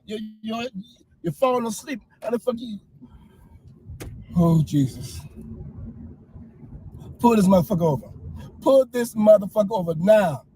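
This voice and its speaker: Frantic high-voiced man yelling. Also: unhurried, pauses often, a little hiss or hum, rough recording. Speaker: passenger in a comedy skit. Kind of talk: improvised comedy skit.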